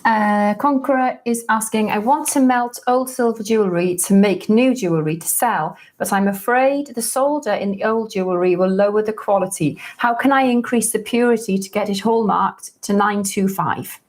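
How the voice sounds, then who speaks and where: A woman's voice: medium pitch, normal speed, few pauses. A woman co-hosting a live stream, reading out viewers' questions plainly and briefly.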